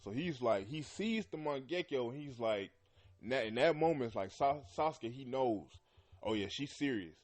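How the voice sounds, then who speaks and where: A man hosting a podcast, talking loosely about an anime with lots of fillers and frequent throat clearing. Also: medium pitch, lively intonation, moderate pace, darkish tone. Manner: loose and rambling, heavy with "you know" and "man"; often clears his throat. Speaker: podcast host. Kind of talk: casual anime commentary.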